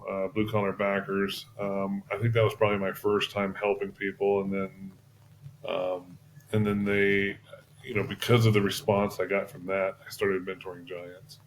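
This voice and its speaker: A man being interviewed as an entrepreneur and mentor, telling stories in a relaxed way with restarts and chuckles. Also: on the low side, slight background noise. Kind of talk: casual interview talk.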